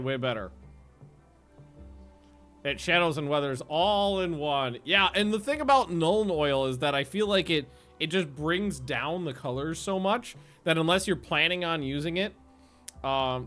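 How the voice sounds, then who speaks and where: A man streaming a game and chatting casually, rambling, swearing and getting excitable. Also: a little high. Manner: rambling, profane and excitable, often laughing. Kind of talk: casual chat while livestreaming a game.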